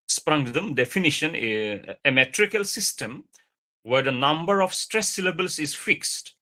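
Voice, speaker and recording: A man from India gives a university lecture over a video call as a guest lecturer, his medium-pitched voice sounding pushed and bright. He explains patiently, repeating phrases for emphasis, with frequent "uh" fillers.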